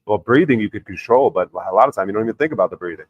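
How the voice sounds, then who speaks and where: A man's voice: on the low side, animated, rapid-fire, dull audio. A man hosting a livestream, reading the chat aloud and arguing insistently, with plenty of swearing. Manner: argumentative, insistent, swears a lot. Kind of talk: casual profane livestream rant.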